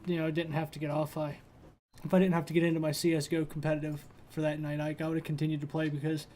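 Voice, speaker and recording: A man co-hosting a casual gaming chat, easygoing and halting with fillers. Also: a little high, flat delivery, dark tone, slight background noise. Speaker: podcast co-host.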